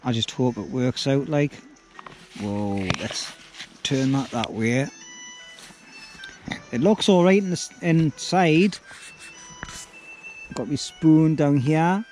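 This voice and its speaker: A man's voice: fairly high pitch, slow, long pauses, a little mellow, rough recording. A middle-aged man, chatting casually to his handheld camera at an outdoor beach camp at night, rambling and self-deprecating. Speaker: bushcraft vlogger. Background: music playing.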